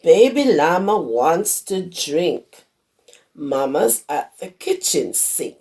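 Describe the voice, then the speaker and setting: A hoarse woman who teaches preschool, reading a picture book aloud to young children and stopping to explain words. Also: lowish voice, sing-song, slow, darkish tone. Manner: explains words to small children as she reads. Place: her home.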